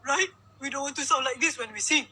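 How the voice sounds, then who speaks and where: A woman's voice: high voice, quick pace, pushed and bright, slight background noise, poor audio. A woman, a vocal coach talking casually and emphatically in mixed Malay and English, asking rhetorical questions.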